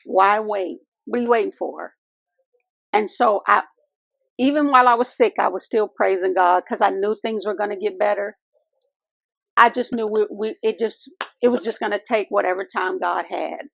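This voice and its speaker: A woman's voice: medium pitch, moderate pace, creaky, a bit bright, no echo. A woman vlogger talking to her viewers in an earnest, faith-filled way, calling them y'all and honey. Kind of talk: heartfelt casual vlog talk. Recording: dull lo-fi dry sound.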